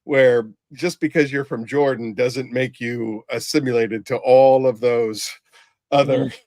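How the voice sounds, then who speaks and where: A man hosting a podcast, casually telling a rambling anecdote with halting restarts and free swearing. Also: medium pitch, fairly even intonation, a little mellow, no room sound. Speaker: podcast host. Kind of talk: casual storytelling chat.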